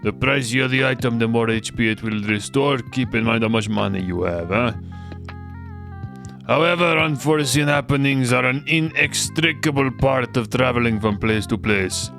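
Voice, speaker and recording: A man's voice: medium pitch, normal speed, gravelly, fairly bright tone, soft background music. A man voicing a formal male teacher who lectures a class during a game playthrough. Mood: lecturing.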